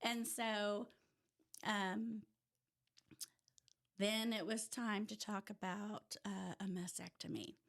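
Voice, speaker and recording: A woman from rural Oklahoma with an Oklahoma accent, a podcast guest telling her personal story in casual chat, lively and sometimes dropping to a near-whisper. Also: medium pitch, slow pace, vocal fry, long pauses. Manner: animated storyteller who drops to a hush at tense moments. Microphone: audio-only podcast mic.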